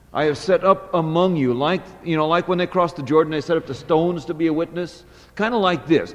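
A man teaching a scripture lesson, reading a text slowly line by line and pausing often with "uh". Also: medium pitch, long reverb tail. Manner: slow, deliberate, pausing often with "uh". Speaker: Hebrew Bible teacher.

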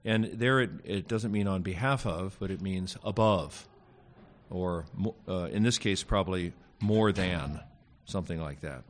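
Low-voiced hesitant male Greek teacher. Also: a little slow. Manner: hesitant, many fillers, wry asides. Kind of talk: classroom lecture on Greek grammar.

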